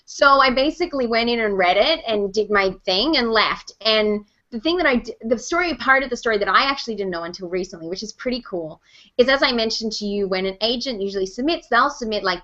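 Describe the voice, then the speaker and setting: A woman, a voice actor and host, telling stories in a chatty, animated way during an interview over a video call. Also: medium pitch, dull audio. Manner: chatty, animated storyteller, quick laughs. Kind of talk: casual interview chat.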